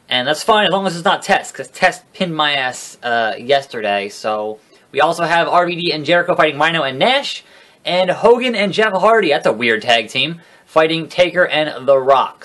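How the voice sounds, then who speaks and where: A man with a slightly high voice gives loose, casual gameplay commentary. He jokes constantly and swears freely. He gets excitable as the action turns. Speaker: let's play gamer.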